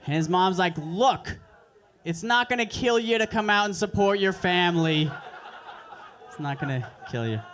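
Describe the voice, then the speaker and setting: A young man doing a stand-up set at an open mic, with crude, deadpan, self-mocking delivery on a handheld stage mic. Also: sits high, moderate pace. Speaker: stand-up comedian. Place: comedy club stage.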